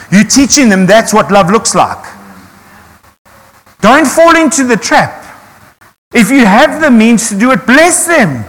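A man's voice: very high-pitched, a bit bright, big-room sound. A man, preaching earnestly to his congregation and asking rhetorical questions. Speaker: pastor. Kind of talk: sermon.

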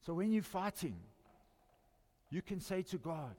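An older South African man preaches in a fairly high voice. He swings from loud, emphatic declarations down to quiet, intimate asides. The sound carries a long reverb from a large church hall. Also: animated, measured pace, pauses often. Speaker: pastor. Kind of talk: sermon.

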